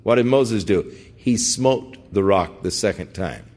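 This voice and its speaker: A man's voice: on the low side, unhurried, a little mellow. An older man, a pastor, teaching through a Bible passage in an earnest, conversational way and putting direct questions to his listeners.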